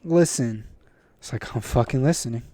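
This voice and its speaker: A man's voice: mid-range voice, a little fast, no room sound. Young male co-host, blunt and profane, mimics callers, dry close recording. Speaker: podcast co-host. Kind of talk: casual chat.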